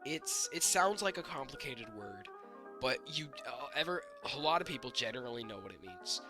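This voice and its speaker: A young man co-hosting a casual podcast, rambling with fillers and restarts and a slightly raspy voice. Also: mid-range voice, sing-song, moderate pace, over music. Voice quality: slightly raspy, throat-clearing. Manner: rambling, lots of fillers and restarts, laughs often. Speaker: podcast co-host. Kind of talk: casual chat.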